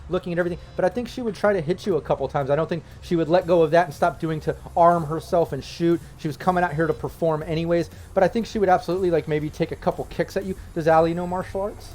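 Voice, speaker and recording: A man's voice: on the high side, fairly even intonation, fast talker, hardly any pauses, darkish tone, slight background noise. A man narrating as game master of a tabletop game, loose and full of fillers.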